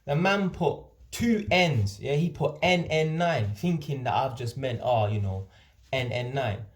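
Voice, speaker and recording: A man's voice: medium pitch, unhurried, reverberant. A young man from North London with a London accent, telling stories casually to camera in slangy street talk. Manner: slangy, animated, acts out voices in quotes. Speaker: vlogger.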